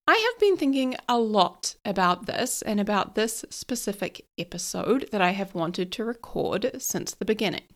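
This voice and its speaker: A middle-aged woman from New Zealand with a New Zealand accent that drifts toward American, hosting a solo podcast in a chatty, self-deprecating way. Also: mid-range voice. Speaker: podcast host.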